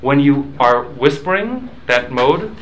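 A man at an ordinary middle pitch leads a relaxed study class. He works through a text in a conversational way, slipping in Hebrew and Aramaic study terms as he goes and checking in with his listeners. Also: takes it slowly, a little hiss or hum, rough recording. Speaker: Talmud class teacher. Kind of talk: casual study-class lecture.

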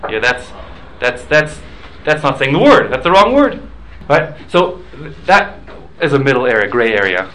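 A man's voice: medium pitch, very animated, normal speed, hardly any pauses, sharp tone, rough recording. A man leading a casual study class, explaining points patiently, mixing in Hebrew and Aramaic study terms and checking in with listeners. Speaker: Talmud class teacher.

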